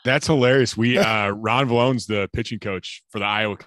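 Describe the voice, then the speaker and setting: A man's voice: fairly low pitch, normal speed, a bit bright, no room sound. A man co-hosting a podcast, asking questions in a curious, easygoing way. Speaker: podcast co-host. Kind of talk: casual chat.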